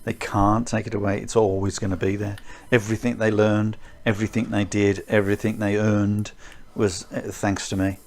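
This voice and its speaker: Man, low gravelly voice, rambling casual chat, faint noise. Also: little pitch movement, moderate pace. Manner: rambling, restarts, dry humor. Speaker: martial arts teacher, podcast co-host.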